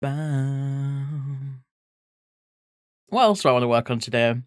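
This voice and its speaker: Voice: medium pitch, sing-song, racing, smooth, no room sound, clean studio sound. Chatty art streamer. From England (grew up in Leeds). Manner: chatty and playful, reading chat aloud, casual swearing. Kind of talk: casual chat with live viewers while drawing.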